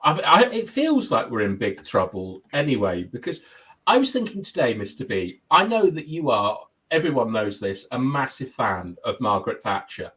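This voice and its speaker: Casual male host, lively sing-song delivery, reads out viewer comments. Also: medium pitch, moderate pace, rough recording. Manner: lively, chatty, laughs often. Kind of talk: casual live-stream chat.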